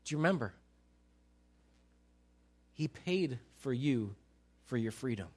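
A male pastor preaching a sermon, pleading with rhetorical questions that rise for emphasis and then drop soft. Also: medium pitch, lively intonation, slow pace, breathy edge.

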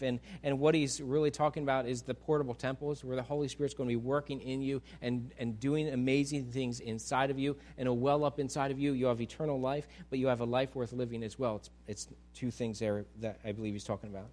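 A man preaching a sermon in a casual, conversational way, animated and often repeating words as he restarts. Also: mid-range voice, fast, few pauses. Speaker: pastor.

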